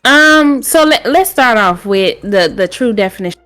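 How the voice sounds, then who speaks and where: A woman co-hosting a podcast in casual chat, lively and quick to agree, sometimes laying out definitions. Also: fairly high pitch, faint music behind. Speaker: podcast co-host.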